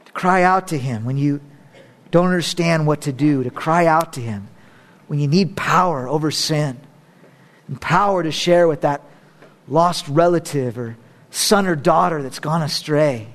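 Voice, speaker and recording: A pastor preaching a sermon. He jokes a little, then moves from loud, high exhortation to hushed, low prayer. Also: measured pace. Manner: joking asides with laughter. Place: church service.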